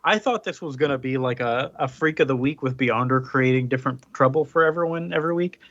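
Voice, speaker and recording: A man's voice: mid-range voice, no echo. Man recapping comics, dull dry sound. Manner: animated recapping, quick voice switches for characters. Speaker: podcast co-host. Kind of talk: casual comic book recap chat.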